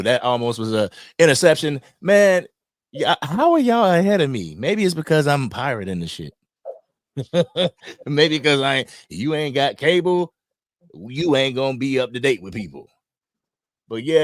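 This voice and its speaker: A man's voice: mid-range voice, dry recording, studio quality. A man co-hosting a live sports stream, talking easily to viewers in a casual way.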